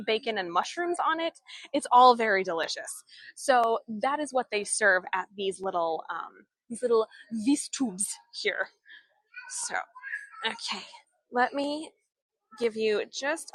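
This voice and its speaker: On a handheld camera or phone that she turns while walking, a woman streams a casual tour of an old town outdoors, talking to comments from viewers. Her pitch is fairly high, her tone fairly bright, and there's no echo.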